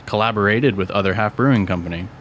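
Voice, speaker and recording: A man's voice: lowish voice, fast, fairly bright tone, a little hiss or hum. A man co-hosting a casual podcast, laid-back and swearing casually as he reads out beer names. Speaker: podcast co-host. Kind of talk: casual chat.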